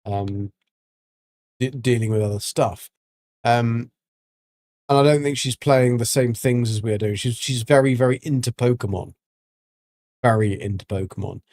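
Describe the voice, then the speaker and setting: A man's voice: mid-range voice, moderate pace, long pauses, darkish tone, dry recording. A man chatting casually on a gaming livestream, rambling with many ums and restarts. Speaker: livestreaming gamer.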